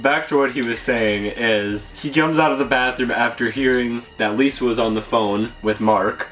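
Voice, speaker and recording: A man's voice: mid-range voice, fairly even intonation, moderate pace, fairly bright tone, distant mic. A man co-hosting a casual movie review, rambling with fillers and frequent laughter. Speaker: podcast co-host.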